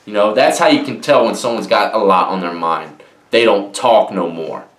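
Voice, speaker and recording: A man's voice: on the low side, moderate pace. Casual man, echoey room. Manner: conversational, rambling, slangy, with "man" and "you know". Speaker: channel host telling prison stories. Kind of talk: casual storytelling monologue.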